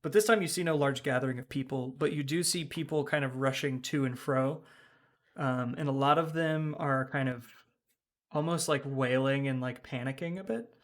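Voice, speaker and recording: A man's voice: medium pitch, normal speed. A man running a tabletop game as game master, describing scenes with frequent ums and hedging words. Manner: hesitant, many ums.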